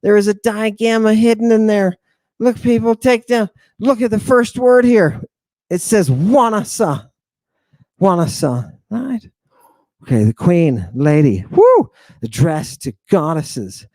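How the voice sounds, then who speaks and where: A man teaching an online language lesson in a playful, theatrical way, repeating each pronunciation slowly for the listener. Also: high-pitched, animated, dark tone, dry recording.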